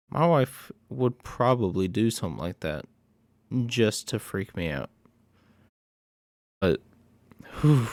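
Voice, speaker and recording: Gravelly, slow-talking man recapping a horror film. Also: medium pitch, dry recording, studio quality. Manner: profane, excitable storytelling. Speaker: horror movie reviewer. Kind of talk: casual movie recap.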